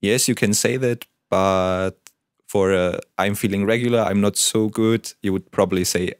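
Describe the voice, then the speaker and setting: A man's voice: fairly low pitch, fairly even intonation, normal speed, clear, resonant tone, no echo, clean studio sound. A man whose first language is German, patiently teaching and modelling pronunciation in a lesson.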